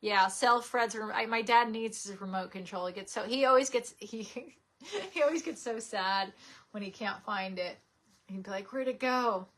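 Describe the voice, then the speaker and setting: A woman's voice: mid-range voice, normal speed, a bit bright. A young woman host chatting casually on a live stream, giggling and reading viewer comments aloud.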